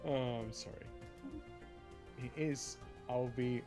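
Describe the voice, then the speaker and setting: A Scottish man playing a strategy game with friends on stream, joking around in casual chat. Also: mid-range voice. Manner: playful, jokey.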